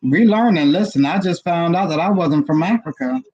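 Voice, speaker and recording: A man's voice: a little high, normal speed, darkish tone. A man co-hosting a spiritual reading livestream, talking in easygoing, slangy, joking banter. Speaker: co-host and spiritual reader. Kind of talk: casual live-stream chat. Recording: dull lo-fi livestream audio.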